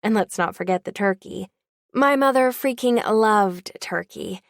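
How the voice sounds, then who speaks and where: A young woman reads an audiobook in the first person, sounding wry and confiding. Her mid-pitched voice has a gravelly edge and an unhurried pace, recorded close and dry with no room sound.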